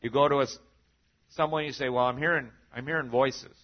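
A man preaching a sermon as a pastor, animated and sometimes dropping to a hushed voice for emphasis. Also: medium pitch, a little fast, lo-fi sound.

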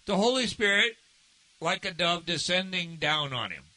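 A man's voice: sits high, animated, normal speed, sharp tone, poor audio. A man preaching a sermon as pastor, conversational and asking the congregation questions.

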